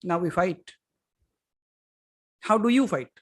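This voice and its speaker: A man with an Indian English accent giving a spiritual satsang talk, emphatic, moving from loud to hushed and putting questions straight to his listeners. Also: sits high, lively intonation, takes it slowly. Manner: addresses listeners directly with questions. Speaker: spiritual teacher. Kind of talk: satsang talk to a live audience.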